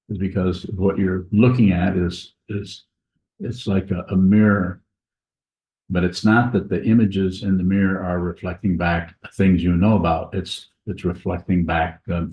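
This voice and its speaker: In a monastery meditation hall, a man with a deep, mellow voice delivers a Dharma talk as a Buddhist teacher, his speech slow and halting, full of pauses and restarts. The room recording is dull and echoey.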